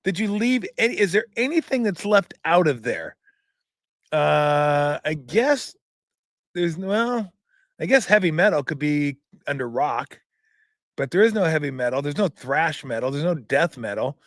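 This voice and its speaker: A man's voice: on the high side, big pitch swings, unhurried, no echo, clean studio sound. A man hosting his own show, ranting in casual talk, sarcastic and swearing freely as he mocks what he reads aloud. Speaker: show host. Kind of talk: casual profane rant.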